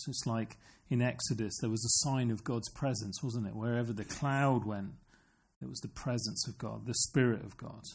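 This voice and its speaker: Gravelly-voiced man preaching a sermon. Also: medium pitch, a little mellow. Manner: earnest, asks the congregation questions.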